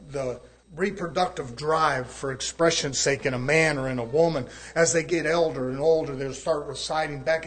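Male preacher, folksy sermon, swells loud then drops soft, slightly high voice. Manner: folksy, rising and falling in volume, preaching cadence.

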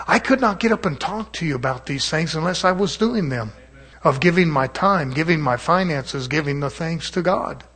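A man preaching a folksy sermon to his congregation, acting out doubters in quick asides. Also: fairly high pitch, breathy edge. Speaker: pastor.

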